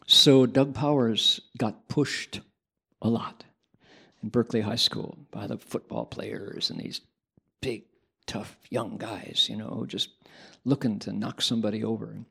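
Gravelly-voiced monk telling a story. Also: male voice, on the low side, measured pace. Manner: animated storytelling, conversational asides. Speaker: Buddhist monk. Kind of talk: sermon. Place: Buddhist monastery.

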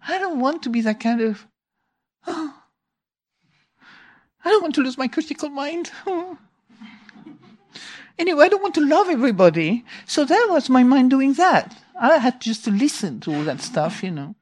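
A woman teacher giving an informal dharma talk, telling a lively story, laughing often and mimicking her own inner voice. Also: sits high, normal speed, pauses often. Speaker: meditation teacher.

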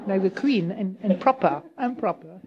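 A woman's voice: mid-range voice, dull audio, noisy background. French-accented woman, Buddhist teacher, loose chatty Q&A, laughs and checks in with the room. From France. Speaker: Buddhist teacher answering questions. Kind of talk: informal dharma Q&A talk.

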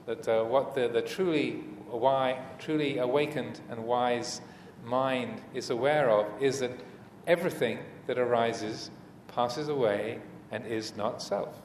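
A man teaching as a Buddhist monk in a dharma talk, speaking hesitantly with many fillers and restarts and gentle humor. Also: mid-range voice, fairly even intonation, measured pace, few pauses. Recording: echoey hall, faint room noise.

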